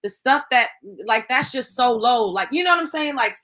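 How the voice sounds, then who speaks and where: Woman cohost with a bright sharp voice, rambling on earnestly, lots of likes. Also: on the high side, animated, normal speed. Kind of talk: casual gossip commentary chat.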